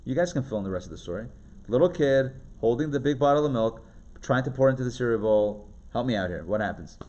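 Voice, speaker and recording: A man, a rabbi, teaching a live class, chatty and animated, often asking the audience questions and laughing. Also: medium pitch, quick pace, highs cut off.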